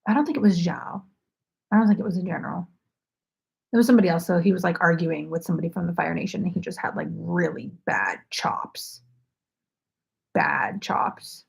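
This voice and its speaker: Chatty woman with a gravelly voice. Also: fairly low pitch, very fast, dark tone. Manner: rambling and chatty, heavy use of "like". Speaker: knitting livestream host. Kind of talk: casual livestream chat. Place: at home.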